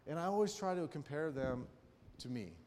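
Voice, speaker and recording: Male preacher, slightly high voice, chatty storytelling sermon with rhetorical asides, long hall echo. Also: lively intonation, moderate pace, darkish tone, slight background noise. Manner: frequent rhetorical check-ins with the listeners; personal storytelling. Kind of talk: conversational sermon.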